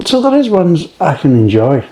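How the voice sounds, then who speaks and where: A man's voice: a little high, huge pitch swings, normal speed, mellow. A man reviewing beer in a casual, rambling way, swearing freely and drifting off into tangents. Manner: rambling, profane, digressive.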